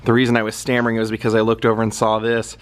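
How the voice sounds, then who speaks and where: A man's voice: fairly low pitch, completely flat delivery, racing. A man chatting casually as a vlog host, rambling with frequent ums while walking outdoors around a baseball stadium. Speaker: travel vlogger visiting film locations.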